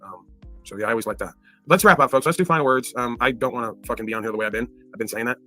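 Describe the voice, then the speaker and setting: A man's voice: medium pitch, rapid-fire, pushed and bright, faint music behind. A man hosting an online podcast panel, ranting in a profane, casual way. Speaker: podcast host. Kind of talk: casual call-in panel talk.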